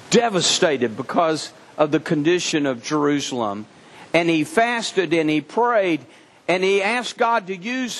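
A man preaching a sermon, telling a scripture story in an animated way and often repeating words as he restarts. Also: high voice. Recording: long reverb from a hall.

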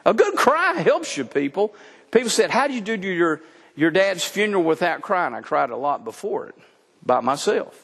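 A man's voice: a little high, creaky. A middle-aged man preaching a sermon as pastor, talking in a conversational, folksy way. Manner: conversational, folksy, animated with laughs. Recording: long hall reverb.

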